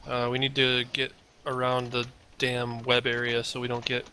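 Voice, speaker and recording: A man's voice: medium pitch, completely flat delivery, normal speed, sharp tone, a little hiss or hum. A man playing in a tabletop game, talking casually about his party's next move. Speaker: player. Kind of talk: tabletop role-play.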